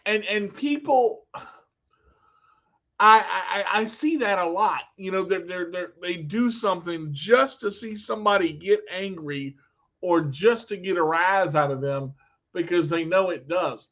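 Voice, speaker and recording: A man's voice: high-pitched, a little slow, fairly bright tone, muffled recording. A man vlogging in a candid, blunt monologue, telling personal stories with emphasis.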